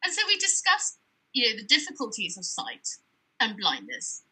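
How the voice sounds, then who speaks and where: Bright, husky woman. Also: a little high, huge pitch swings, moderate pace, low-quality recording. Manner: chatty and digressive, with frequent fillers and asides. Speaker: author giving a talk. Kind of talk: conference talk with reading from her book.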